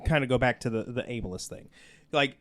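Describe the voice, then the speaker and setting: A man's voice: mid-range voice, fairly quick. A man hosting a podcast in casual chat, rambling with lots of fillers. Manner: rambling, lots of "like" and "you know". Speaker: podcast host.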